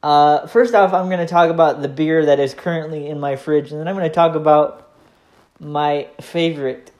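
A man's voice: on the high side, steady tone, moderate pace, darkish tone. A man with a Michigan accent hosting his own podcast, talking in a rambling, self-deprecating way with many fillers. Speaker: podcast host. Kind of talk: casual solo podcast monologue.

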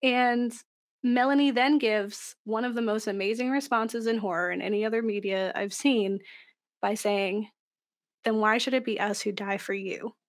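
In a loose, casual podcast chat, a young woman speaks in a high voice at a moderate pace. She's animated and laughs a lot, her sentences running on with likes and ums.

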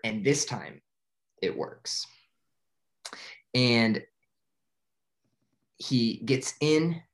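A young man talks through a film's plot in a loose, casual way, stumbling over his words and filling gaps with "like". He keeps breaking into quick, excited bits where he acts out the characters' lines. His voice sits in an ordinary middle pitch. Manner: rambling, filler-heavy with frequent "like"; quick bursts of excited acted-out quotes. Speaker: movie recapper. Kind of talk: casual spoken movie recap.

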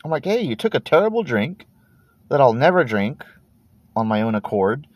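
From his parked car, a Texas man in his thirties hosts a podcast in a relaxed, meandering ramble, cursing casually and repeating words as he trails off. His mid-range voice is sing-song at a moderate pace, captured as dull audio with no room sound.

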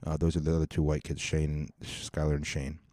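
A podcast host in his thirties tells crude, rambling comedic stories in a mocking tone as casual storytelling. His bass voice is warm, monotone, and a little fast, recorded at studio quality with no room sound.

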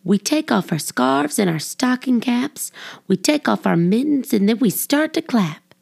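A woman voicing a small, cheerful male Christmas elf in a storybook reading, in a gentle, slow storytelling manner. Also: on the high side, expressive, vocal fry, voice pushed up, exaggerated voice.

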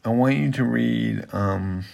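A man explaining Bible passages in a casual chat, halting and repeating himself as he builds to his point. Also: mid-range voice, vocal fry, a little mellow. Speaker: Bible teacher and podcast co-host.

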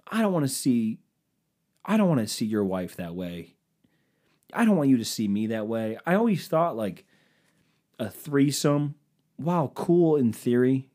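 Young male solo podcaster, animated and rambling, self-mocking comic with crowd-work asides. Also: mid-range voice. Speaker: podcast host. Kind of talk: solo comedic podcast rant.

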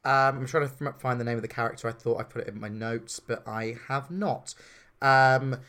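A man co-hosting a casual podcast chat, animated and indignant, with stammering restarts. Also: mid-range voice, normal speed. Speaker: podcast co-host.

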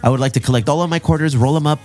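Animated, profane male storyteller for a casual talk show, voice a touch high, faint music underneath. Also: rapid-fire. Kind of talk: casual chat.

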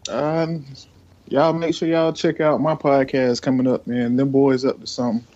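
A man's voice: medium pitch, flat delivery, moderate pace, a little mellow, no echo. A man guesting on a podcast, joking bluntly and crudely in casual chat. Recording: dry, dull lo-fi sound.

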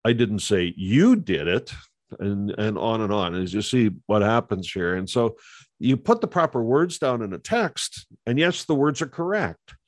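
A man's voice: on the low side, expressive, normal speed, dry recording, clean studio sound. A man talking earnestly in a conversational podcast, with frequent fillers and restarts as he makes his point about communication.

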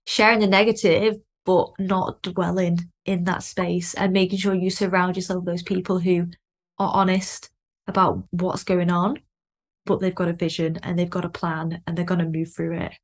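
A podcast host from Lancashire, England, talks in a chatty, casual way, full of fillers and easy laughter. Her voice is fairly low and completely flat in delivery, at a moderate pace.

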